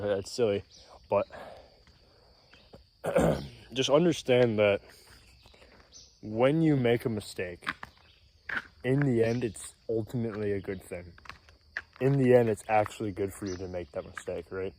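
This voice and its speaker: A man vlogging outdoors in casual self-improvement talk, a little out of breath, rambling and clearing his throat, often tagging "right?". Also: on the low side, moderate pace, long pauses, darkish tone. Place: outdoors in nature, mosquitoes around. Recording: faint outdoor noise with insects.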